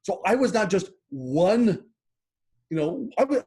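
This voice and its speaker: A man's voice: high-pitched, sing-song, a little slow, darkish tone. A middle-aged man speaks as an interview guest in an easy, conversational way. He is earnest and open with his feelings, and he often doubles back and repeats words. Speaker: guest, happiness coach. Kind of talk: casual interview talk.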